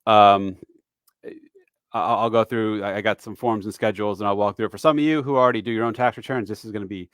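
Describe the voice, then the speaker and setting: A man's voice: lowish voice, fairly bright tone, no echo, studio quality. A man in his forties hosting a casual live-stream lesson on retiree taxes, chatty and self-deprecating, slipping in dad jokes between fillers. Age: 40s.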